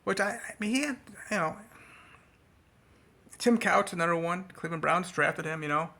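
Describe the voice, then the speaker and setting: A man giving a casual, rambling sports rant to camera as a vlogger. He talks sarcastically and jumps into a high mocking voice. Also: moderate pace, creaky, pushed and bright.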